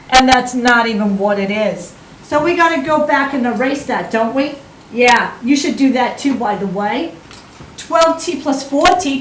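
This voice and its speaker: A joking Australian-sounding teacher, as a woman puts her on, with a high voice that keeps tossing in "mate" while working through an equation. The sound is roomy and distant. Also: background noise. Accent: Australian, put on. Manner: jokey, calls students "mate". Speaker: math teacher. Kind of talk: math lesson in a put-on accent.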